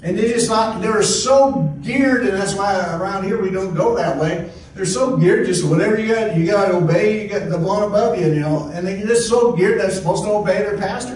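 A man's voice: high voice, a little fast, darkish tone. A man preaching a sermon as pastor, in a folksy conversational way with frequent restarts. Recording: echoey hall, distant mic, faint noise.

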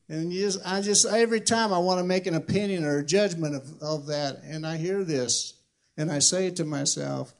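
An older man in his sixties preaching as a pastor, reading scripture slowly and loudly, then talking fast and conversational. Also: on the high side. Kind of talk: sermon.

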